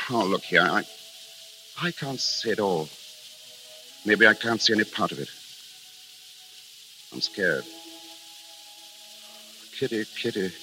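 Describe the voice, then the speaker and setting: An actor playing a young soldier home on leave, joking at first and later earnest and tender, in 1940s radio acting style. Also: male voice, medium pitch, bright, forceful tone, poor audio. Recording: old radio broadcast with faint music.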